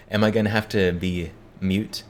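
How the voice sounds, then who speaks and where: Male streamer, very deep voice, relaxed chatty delivery at his desk mic, faint room hum behind. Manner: relaxed, chuckles often, repeats words as he talks. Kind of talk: casual live-stream chat reading viewer messages. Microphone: desk microphone.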